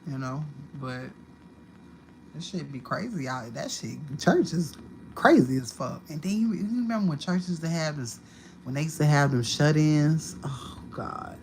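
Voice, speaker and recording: A woman hosting a livestream tells a profane story in a casual monologue, her voice low-pitched and a little slow. Her delivery is animated and punctuated by sudden loud outbursts, with a faint hiss in the background.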